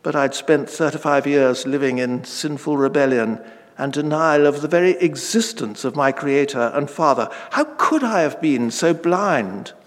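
A man in his late fifties preaching a sermon, earnest and deliberate, slowing down on key phrases and lifting his voice when reading scripture. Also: fairly high pitch, lively intonation, in a large hall. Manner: reads scripture aloud with rising emphasis.

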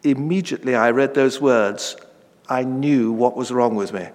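A man in his late fifties preaching a sermon, earnest and deliberate, slowing down on key phrases and lifting his voice when reading scripture. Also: mid-range voice, darkish tone, long reverb tail. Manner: reads scripture aloud with rising emphasis.

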